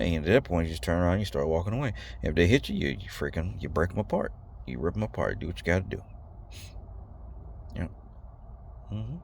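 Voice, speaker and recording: A man's voice: low-pitched, lively intonation, brisk, gravelly, pauses often, a little mellow, a little hiss or hum. A man giving a blunt, rambling casual talk to his viewers, slangy and repeating himself. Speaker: video host. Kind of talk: casual direct-to-camera talk.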